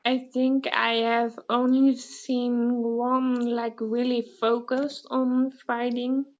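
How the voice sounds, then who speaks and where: A woman hosting a casual interview, relaxed and laughing along with short replies. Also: a little high, slow, lo-fi sound. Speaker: interview host.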